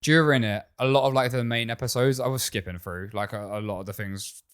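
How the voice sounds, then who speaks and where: A young man rattles along quickly in podcast chat. He is blunt and animated, swearing freely, and his voice sits in a middle pitch. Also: clean tone. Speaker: podcast co-host.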